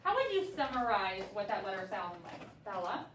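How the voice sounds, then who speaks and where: A woman's voice: medium pitch, normal speed, recorded from a distance, a little hiss or hum. A young woman teaching a third grade reading lesson, quizzing pupils in an encouraging way, recorded from across the classroom. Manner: lively, encouraging questioning of pupils. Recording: echoey classroom from afar. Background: faint classroom ambience.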